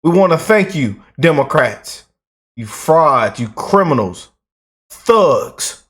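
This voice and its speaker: A male channel host delivers a heated commentary rant. His voice sits somewhat high, and he repeats himself and stacks up emphatic phrases as he gets worked up. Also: slow pace. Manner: animated, repetitive, emphatic. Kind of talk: ranting political commentary.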